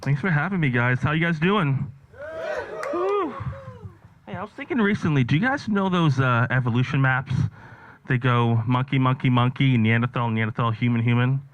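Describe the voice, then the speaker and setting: Animated man doing offhand stand-up. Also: medium pitch, moderate pace, lo-fi sound. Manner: rambling, offhand storytelling with lots of fillers. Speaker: stand-up comedian. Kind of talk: stand-up set.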